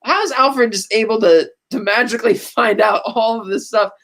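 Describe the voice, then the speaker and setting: Recapping a film in relaxed podcast banter, this man speaks at a normal speed with a high, fairly bright voice. Along the way he recites characters' dialogue, frequently stopping to restart and laugh.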